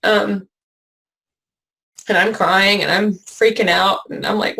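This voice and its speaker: A woman giving an emotional personal account as an interview guest, halting with many fillers and restarts. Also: mid-range voice, steady tone, gravelly, sharp tone, low-quality recording.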